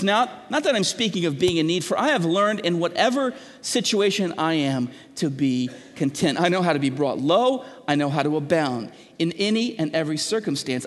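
Give me a middle-aged man preaching a sermon in earnest, questioning tones, restarting words as he pushes his point. His voice sits a bit high for a man, and it rings out with a long reverb through a large church hall. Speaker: pastor.

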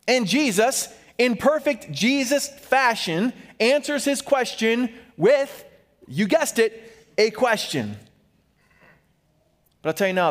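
High-voiced man preaching a sermon. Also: long reverb tail. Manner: animated preaching with voiced Bible quotes. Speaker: pastor.

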